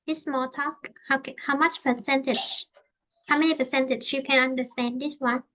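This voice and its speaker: A woman's voice: sits high, steady tone, moderate pace, sharp tone, a little hiss or hum. A woman with a Vietnamese accent teaching an English lesson, switching between Vietnamese and English and explaining with many fillers and restarts.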